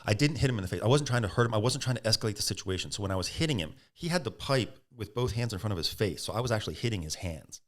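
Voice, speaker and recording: A deep-voiced middle-aged man tells a story in a relaxed podcast chat. He gets animated and acts out the other people's lines, with quick bursts of laughter in between. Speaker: podcast guest. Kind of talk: casual storytelling.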